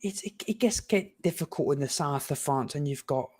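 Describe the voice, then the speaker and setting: A young man from England giving opinionated, animated takes in a casual football chat, often stumbling and restarting. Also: a little high, moderate pace, husky. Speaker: panelist.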